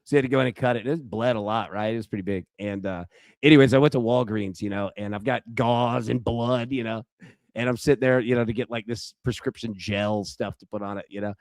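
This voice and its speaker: On a live sports betting stream, a man chats loosely with viewers and reacts to a baseball game, full of fillers and restarts. His voice is fairly low and darkish, a little fast, recorded cleanly in the studio with no echo.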